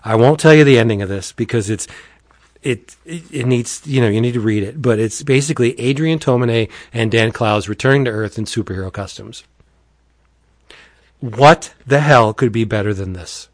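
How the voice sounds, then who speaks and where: A man in casual talk, animatedly recounting a comic with plenty of profanity and excitement. His voice sits in a middle pitch. The sound is dry and close, with no room echo. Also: moderate pace. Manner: animated, enthusiastic, profane storyteller. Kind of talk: casual chat, retelling a comic.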